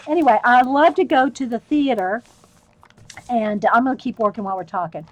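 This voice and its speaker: Middle-aged woman, rambling storyteller, laughs a lot, fairly high voice, dry close sound. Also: fairly quick, no echo. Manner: rambling, laughs often while telling stories. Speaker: art livestreamer. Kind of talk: chatty storytelling while painting.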